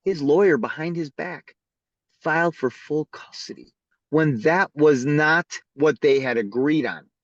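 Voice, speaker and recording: A man who is a podcast guest, telling stories in a casual, animated way and acting out the people in them. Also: fairly high pitch, unhurried, dry recording. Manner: animated storyteller who acts out the voices in his stories. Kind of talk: casual storytelling interview. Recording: slightly dull lo-fi audio.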